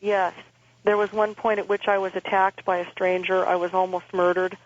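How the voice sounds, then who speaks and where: Woman, radio guest, phone line, muffled sound, monotone delivery, halting, earnest. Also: on the low side. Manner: earnest, halting, with frequent restarts. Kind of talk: personal testimony over the phone. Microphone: telephone.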